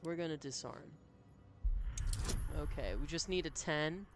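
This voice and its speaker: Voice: medium pitch, measured pace, over music. A streamer giving cheerful live commentary while playing a game and reading chat messages aloud. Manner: chatty, upbeat, reads chat aloud.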